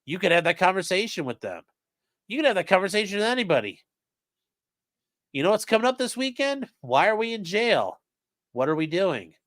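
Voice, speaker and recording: Guy ranting thru a court transcript, lots of swearing, pitch all over the place. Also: fairly quick, pauses often, no echo, clean studio sound. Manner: profane, animated, reads quotes in shifting voices. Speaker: legal commentary streamer. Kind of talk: casual live-stream commentary reading a transcript.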